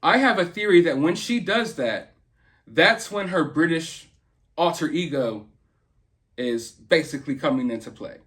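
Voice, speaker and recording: A high-voiced man hosts a casual commentary, rambling in an earnest, opinionated manner. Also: lively intonation, unhurried, fairly bright tone. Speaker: host.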